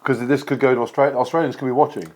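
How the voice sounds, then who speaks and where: Male vlog host, mid-pitched voice, jokey chatty delivery, for a food taste-test. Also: fairly even intonation, fast talker, a little mellow. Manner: playful, chatty, joking. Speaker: vlogger host.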